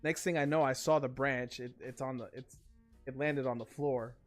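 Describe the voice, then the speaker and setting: A man's voice: medium pitch, fairly even intonation, normal speed, faint music behind. A male livestream host in a casual chat, ranting emphatically and swearing freely.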